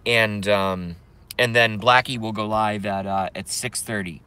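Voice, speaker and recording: Casual streamer guy, bright clear tone, loose rambling delivery, jokes around with chat. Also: lowish voice, fairly even intonation, measured pace. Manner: rambling, joking, reads chat aloud. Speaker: live stream host.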